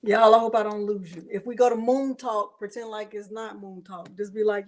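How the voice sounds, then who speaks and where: A woman's voice: mid-range voice, fairly even intonation, fairly quick, a little mellow. A woman hosting a live crafting demonstration from her home craft space, chatty, laughing often and talking straight to her viewers. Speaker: craft livestream host.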